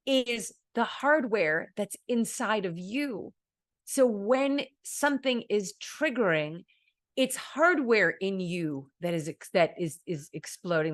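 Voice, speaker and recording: A woman's voice: medium pitch, no echo. A woman streamer giving casual advice in an earnest, rambling way, acting out her own thoughts as she goes.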